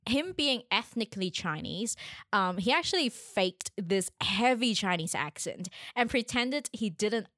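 A woman's voice: mid-range voice, a bit bright, no room sound, studio quality. A woman hosting a podcast, chatting casually with fillers as she tells an anecdote. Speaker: podcast host. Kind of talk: casual interview chat.

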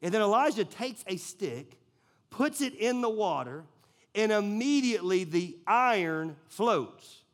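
A man's voice: high voice, animated, a little slow. A man preaching a sermon in a casual, conversational way, telling stories with lots of filler words. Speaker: pastor.

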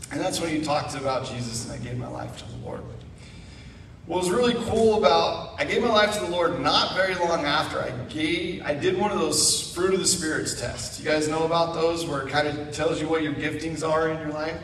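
Man giving an animated church testimony. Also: fairly high pitch, fairly quick, background noise. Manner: animated storytelling with asides. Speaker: guest speaker at church. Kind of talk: personal testimony. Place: church sanctuary. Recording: echoey room, mic far off.

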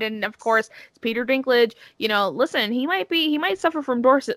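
A woman's voice: a little high, expressive, a little fast, a bit bright, dry recording. A woman co-hosting a podcast, chiming in with playful jokes and comments during a casual movie review. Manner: playful, laughing interjections. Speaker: podcast co-host.

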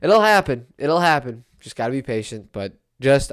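Animated young man ranting about sports. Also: mid-range voice, measured pace, hardly any pauses. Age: 20s. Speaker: sports commentator. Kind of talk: casual sports rant.

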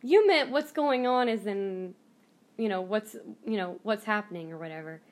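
A woman's voice: medium pitch, animated, moderate pace, close to an everyday voice. An American woman quoting a polite, apologetic British woman friend in her own everyday voice. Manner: apologetic, self-mocking.

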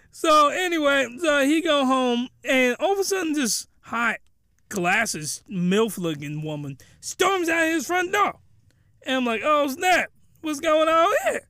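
A man hosting a podcast, giving a comedic recap of a cartoon episode in animated slang and breaking into excited shouts. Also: extremely high pitch, dry recording, clean studio sound. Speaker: podcast host.

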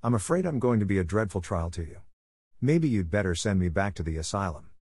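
A man's voice: sits low, sing-song, a little fast, darkish tone, husky, dry recording, studio quality, exaggerated voice. A man voicing an anxious, talkative orphan girl who loves grand words, in a storybook reading. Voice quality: earnest, fond of long words.

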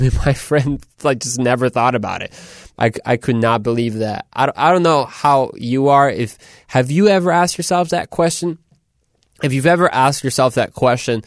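Chatty, animated man hosting a podcast. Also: mid-range voice, dry recording, studio quality. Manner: chatty, animated, rambling with restarts. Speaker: podcast host. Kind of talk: casual podcast talk.

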